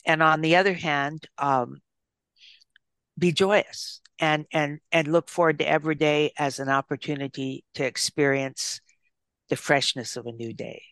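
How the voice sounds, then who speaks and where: An older woman, an author and psychologist, speaking as a guest in an interview, reflecting and telling stories with gentle restarts. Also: low voice, fairly even intonation, unhurried, no room sound, studio quality. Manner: thoughtful storyteller with gentle restarts.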